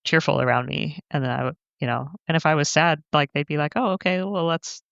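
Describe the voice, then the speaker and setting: A candid woman speaking as a podcast guest, her voice gravelly with fry yet smooth and resonant. She is recorded close and dry over slightly dull, lo-fi remote audio. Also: sits low, steady tone, quick pace, fairly bright tone, no echo. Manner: candid, laughs easily, acts out quoted remarks. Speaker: guest author. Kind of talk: reflective podcast conversation.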